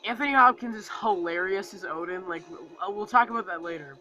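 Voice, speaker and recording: A man's voice: high-pitched, fast, bright, forceful tone, faint music behind, low-quality recording. A man giving a casual, rambling movie review, full of fillers and acting out lines from the film.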